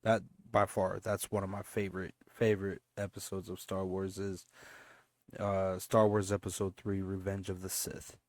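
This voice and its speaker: A man's voice: deep voice, little pitch movement, normal speed, a little mellow, no echo, clean studio sound. A laid-back man hosting a casual reaction video, often repeating himself and chuckling. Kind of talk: casual chat.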